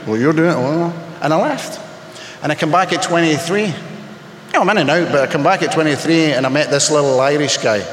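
A man's voice: a little high, brisk, a bit bright, a little hiss or hum. Wry man telling his story in an echoey hall. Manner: wry, self-mocking, punchy delivery. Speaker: speaker sharing his story at a recovery meeting. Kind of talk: humorous personal storytelling to an audience. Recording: echoey hall with faint ambience.

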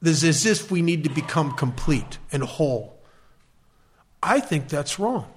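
A man's voice: fairly high pitch, expressive, measured pace, slight background noise. An American man giving a recovery meeting talk, a wry, self-deprecating storyteller.

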